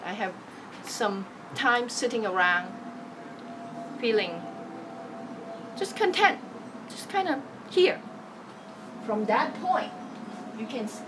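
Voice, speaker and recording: A woman spiritual teacher giving a motivational talk, expressive and emphatic, acting out each feeling as she goes. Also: a little high, far from the mic, noisy background.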